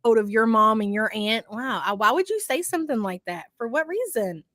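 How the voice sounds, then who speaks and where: Woman, slightly high, casual stream talk, halting delivery, dry sound. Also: lively intonation, fairly bright tone, no room sound. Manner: measured, hesitant, full of ums and uhs. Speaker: streamer in the clip being reacted to.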